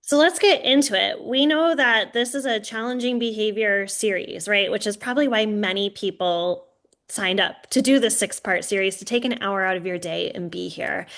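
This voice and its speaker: A woman giving a webinar talk in an animated, conversational way. She checks in with her listeners often and keeps a friendly, engaged pace at a middle pitch. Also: normal speed. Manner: lively, addresses listeners directly with "right?" and "y'all". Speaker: webinar presenter on early childhood regulation.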